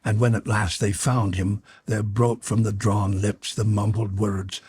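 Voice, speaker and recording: A man reads an adventure novel aloud in a fairly low, husky, raspy voice. He tells it in a measured, dramatic way. The recording is dry and close, with no room sound. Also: little pitch movement, darkish tone, no room sound. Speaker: audiobook narrator. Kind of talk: audiobook narration.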